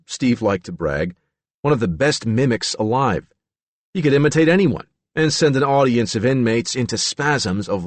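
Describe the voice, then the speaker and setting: A male audiobook narrator reads in a lowish voice that rises and falls freely. The recording is close and completely dry, with no room sound. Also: dry recording.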